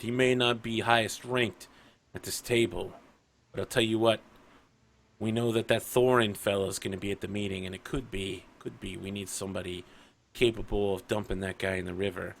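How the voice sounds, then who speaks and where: A man's voice: on the low side, vocal fry, a little hiss or hum. A man voicing a scheming dwarf matriarch who speaks in a persuasive, folksy way. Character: scheming dwarf matriarch pushing her son.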